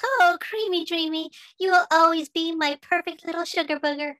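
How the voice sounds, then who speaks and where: A woman's voice: very high voice, normal speed, bright, forceful tone, no room sound. A woman voicing a silly, affectionate mother rabbit in a cartoon fan dub, cooing pet names. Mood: doting.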